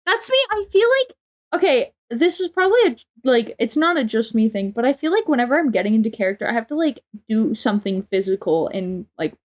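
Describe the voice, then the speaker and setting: A woman's voice: fairly high pitch, big pitch swings, fast talker. Enthusiastic, sweary woman streamer. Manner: enthusiastic, sweary, laughs often. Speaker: streamer, host. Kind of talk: casual chat.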